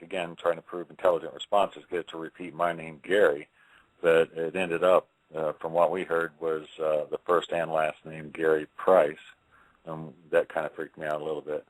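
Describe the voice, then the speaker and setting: A male guest with a very low, deep voice, heard dry with almost no room sound. He explains things in a halting, measured way during a radio interview. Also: level tone, no echo, rough recording. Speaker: paranormal investigator guest.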